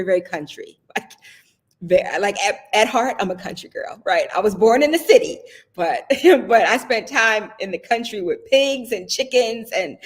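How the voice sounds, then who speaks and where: A woman from the Southern United States hosting a casual live stream, talking in a chatty, personal way and often checking in with her viewers. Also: mid-range voice. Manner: chatty and personal, often asks "right?" and laughs.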